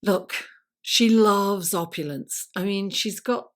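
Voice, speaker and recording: A woman reads tarot cards for a weekly horoscope in an unhurried, chatty way. She takes her time over each phrase and drops to a soft murmur when she calls on the cards. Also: medium pitch. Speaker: tarot reader.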